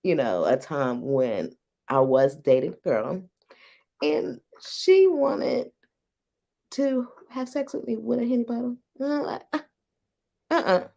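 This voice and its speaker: A woman's voice: fairly low pitch, expressive, measured pace, gravelly, warm tone. A woman hosting a casual live-stream chat, frank and teasing, who laughs often between phrases. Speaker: host.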